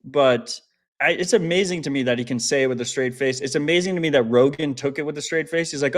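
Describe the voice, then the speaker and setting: A man's voice: mid-range voice, fast. A man co-hosting a podcast in casual chat, blunt and opinionated, swearing freely. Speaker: podcast co-host.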